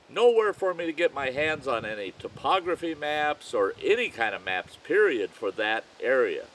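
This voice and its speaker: An older man spins a campfire yarn in a folksy, meandering way. His voice sits at an ordinary middle pitch, with a faint rumble of noise behind him. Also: very animated, fairly bright tone, poor audio. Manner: folksy, unhurried, rambling yarn-spinner. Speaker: storyteller. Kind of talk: campfire storytelling.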